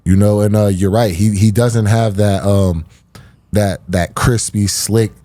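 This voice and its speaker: A man with a fairly low, mellow voice chats loosely about upcoming fights, slangy and sprinkled with swearing. He sounds laid-back on a podcast panel. The sound is dry and close. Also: fairly even intonation, a little slow, no room sound. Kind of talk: casual fight-breakdown chat.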